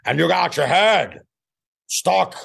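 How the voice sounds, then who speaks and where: A man doing an impression of a gruff movie tough guy who builds from a growl to a yell. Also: sits high, lively intonation, takes it slowly, pitched above the performer's own voice, full character voice. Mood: mocking.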